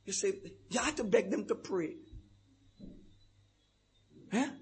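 Older male preacher with a very high voice, fervent, dropping to murmurs then shouting. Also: expressive, slow, slightly rough. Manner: fervent, swinging from hushed asides to shouted declarations. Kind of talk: sermon.

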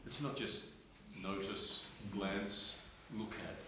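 A man's voice: lowish voice, steady tone, sharp tone. Earnest man in an echoey room. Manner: earnest, halting, with repeated restarts. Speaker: Bible reading participant. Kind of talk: reflective Bible study discussion. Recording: very echoey room with noticeable background noise.

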